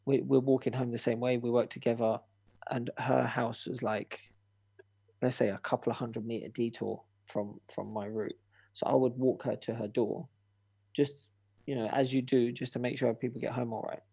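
Gravelly young man telling a story. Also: medium pitch, moderate pace, no echo. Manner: animated, acts out quoted voices, swears, laughs. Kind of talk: casual storytelling chat.

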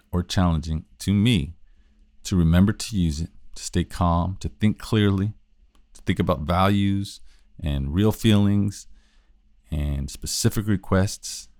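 A man's voice: sits low, a little mellow, dry recording. A man hosting a solo talk on communication, thinking aloud in a loose, casual way with frequent restarts. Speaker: podcast host teaching communication.

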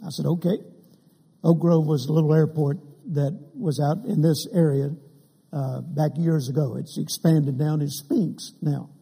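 A man's voice: on the high side, steady tone, measured pace, gravelly, warm tone, slightly rough. An older man preaching a sermon, telling humorous stories and acting out the quotes of the people in them. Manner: humorous anecdotes with acted quotes. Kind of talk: sermon storytelling. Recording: long hall reverb.

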